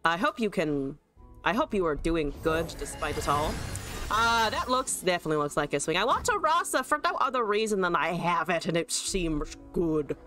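A woman's voice: lowish voice, expressive, moderate pace, pushed and bright, soft background music. A woman streamer casually commentating her card game, joking, laughing and swearing freely.

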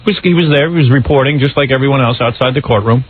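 A man's voice: mid-range voice, racing, breathy edge. A man hosting a radio talk show, bantering in a sarcastic, mocking, blunt way. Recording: phone-quality radio recording.

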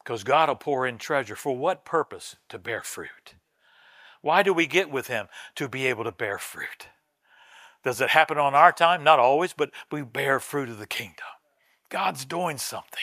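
A male pastor preaching a sermon in a conversational, storytelling way, often restarting his words and growing loud and high when he quotes others. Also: normal speed, no room sound, studio quality. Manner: animated, rises high and loud when voicing an old woman's quoted words; casual, conversational delivery with frequent restarts.

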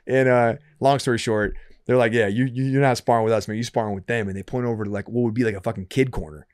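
A man in his thirties from Michigan, telling a story as a podcast guest in a loose, profane, animated way. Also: medium pitch, quick pace, dry recording, studio quality. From Dearborn, Michigan, US. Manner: profane, animated, repeats himself when excited. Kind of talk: casual storytelling.

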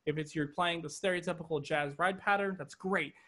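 A man's voice: a little high, fairly even intonation, a little fast. A man teaching an online drum lesson, explaining patterns step by step and checking in with "okay" as he goes. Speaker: drum instructor. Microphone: video call. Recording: drums loud behind voice. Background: drum kit playing.

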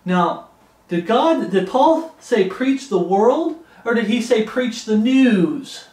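Emphatic high-voiced male preacher, echoey room. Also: lively intonation, slow, darkish tone. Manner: emphatic, repeats warnings, reads scripture aloud. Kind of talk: expository Bible sermon.

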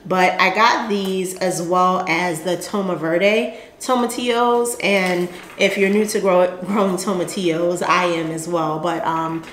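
A woman's voice: fairly low pitch, fairly even intonation, unhurried, hardly any pauses, fairly bright tone, reverberant, slight background noise. A woman hosting a gardening channel, chatting casually and rambling with lots of fillers as she shows her seed packets. She speaks with a Southern American accent.

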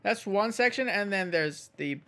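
A man's voice: sits high, lively intonation, unhurried, sharp tone, a little hiss or hum. A man giving casual, jokey commentary while playing a game, rambling, swearing and muttering to himself. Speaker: gaming channel host.

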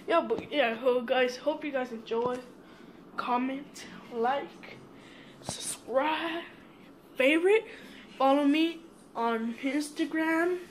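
A woman vlogging casually, speaking straight to her viewers in an excitable way and swearing often. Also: high voice, takes it slowly, long pauses, slight background noise. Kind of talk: casual mail-opening vlog.

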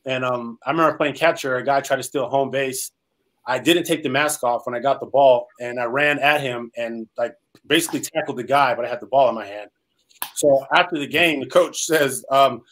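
A former pro football player from Salinas, California, US, tells his story as an interview guest, sounding earnest and rambling with plenty of "um"s. His voice is medium-pitched, a little bright, and moderately paced, though the audio quality is poor.

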